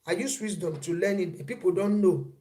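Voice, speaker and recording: A woman's voice: lowish voice, moderate pace, dark tone. Woman, live-stream host; casual, repetitive chat with frequent greetings to viewers. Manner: repeats phrases, greets viewers mid-talk.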